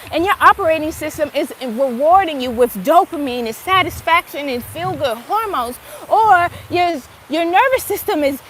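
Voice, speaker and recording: A woman's voice: very high-pitched, a bit bright, a little hiss or hum. A middle-aged woman giving a casual, emphatic motivational talk about gratitude, swearing freely and stretching her words for stress. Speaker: spiritual motivational speaker.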